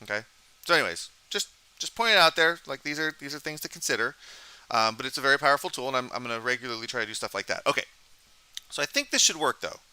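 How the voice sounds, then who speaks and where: A man's voice: mid-range voice, lively intonation, fast, sharp tone, clear, resonant tone, no room sound. A man teaching a college programming lecture, talking casually while coding live, thinking aloud and asking the class questions.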